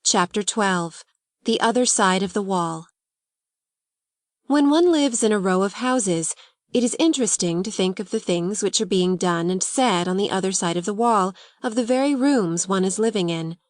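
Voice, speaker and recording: A woman narrates a classic novel in a measured audiobook style. Her voice sits at a middle pitch. The recording is dry, with no room echo. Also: lively intonation. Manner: measured storytelling. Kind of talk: scripted narration.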